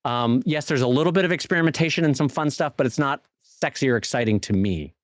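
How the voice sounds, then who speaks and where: A man's voice: medium pitch, fast, no echo, studio quality. A man co-hosting a podcast, chatting casually and with energy, full of fillers and restarts. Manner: animated, many fillers and restarts. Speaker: podcast co-host. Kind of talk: casual chat.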